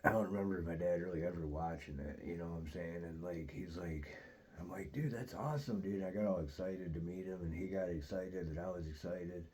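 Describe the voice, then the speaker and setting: Man, deep voice, mellow, rambling casual story, profane, lots of "dude" and "like". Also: fairly quick. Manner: profane, loose, peppered with "dude" and "like"; rambling and animated in retelling. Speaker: host.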